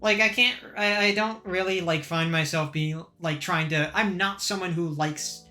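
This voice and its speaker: Young woman podcast host with a lowish voice. Her delivery stays level and unexcited, though she breaks into laughter easily and trips over restarts as she chats casually with friends. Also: normal speed, soft background music. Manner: even-keeled, frequent laughter, many restarts. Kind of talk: casual group chat.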